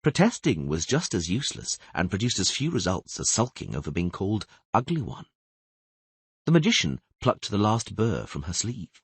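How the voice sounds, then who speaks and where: A man narrating a fantasy audiobook in steady, expressive storytelling. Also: on the low side, normal speed, slightly rough, no echo. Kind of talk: scripted narration.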